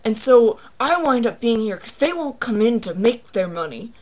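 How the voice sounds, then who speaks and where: A woman's voice: on the high side, expressive, normal speed, a little mellow. A woman voicing an irritable, flustered middle-aged female store cashier who rants and complains in an exasperated way. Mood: frazzled ranting.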